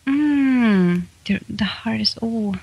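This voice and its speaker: A woman's voice: on the high side, lively intonation, slow, slightly rough, no room sound, dull audio. A woman with a Swedish accent, a voice actress and comedian chatting in an interview, laughing often and restarting sentences. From Sweden. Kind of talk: casual interview chat.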